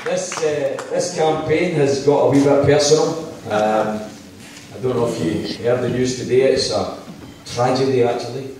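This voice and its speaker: A man's voice: mid-range voice, normal speed, background noise. A middle-aged Scottish man giving an impassioned campaign speech in a town hall, telling stories with jokes and asides. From Scotland. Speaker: political campaign speaker. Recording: echoey hall from far off.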